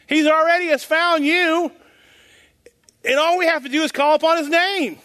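A man's voice: extremely high pitch, fairly even intonation, moderate pace, sharp tone. A man giving an informal sermon in a folksy, rambling way, chuckling at his own jokes. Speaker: preacher.

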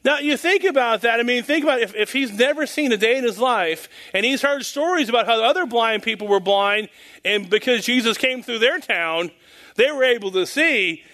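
A man's voice: very high voice, animated, normal speed, bright, forceful tone. A man giving an informal sermon in a folksy, rambling way, chuckling at his own jokes. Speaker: preacher.

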